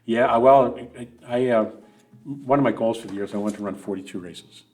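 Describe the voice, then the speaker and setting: Fast-talking middle-aged man telling stories. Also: mid-range voice, a little mellow, faint music behind. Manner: rambling, many restarts and asides. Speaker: podcast guest, runner. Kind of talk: casual storytelling interview.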